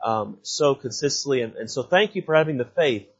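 Husky-voiced middle-aged man preaching. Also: medium pitch, animated, brisk, dull audio. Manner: folksy, storytelling, frequent fillers and restarts. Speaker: visiting missionary preacher. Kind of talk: sermon. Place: church sanctuary.

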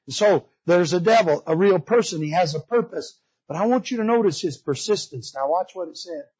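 A man preaching a revival sermon in church, swinging from loud emphasis to hushed pleading. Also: sits high, animated, brisk, breathy edge, lo-fi sound. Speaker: visiting preacher. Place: church sanctuary.

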